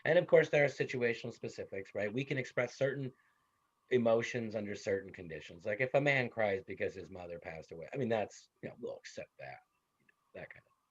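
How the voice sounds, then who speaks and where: Man teaching a class, low voice, lively and chatty, dull lo-fi recording. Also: a little fast, husky. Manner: animated, conversational, tells family stories. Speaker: psychology instructor. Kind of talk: classroom lecture.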